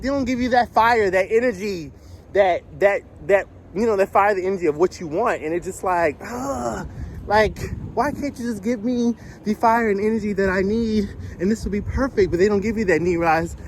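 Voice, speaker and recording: A man's voice: sits high, animated, normal speed. A young man talking candidly to his phone while walking outdoors on a cold, windy street, rambling and laughing as he shares his thoughts. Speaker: vlogger. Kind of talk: casual confessional vlog. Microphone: phone held at arm's length.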